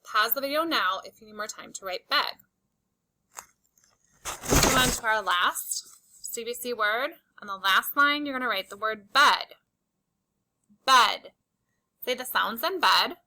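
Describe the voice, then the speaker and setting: A woman leads a phonics lesson for young children, pacing every word slowly and clearly. Her voice is very bright and a touch higher than most. She repeats key words with drawn-out emphasis. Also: animated, a little hiss or hum, low-quality recording. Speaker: teacher.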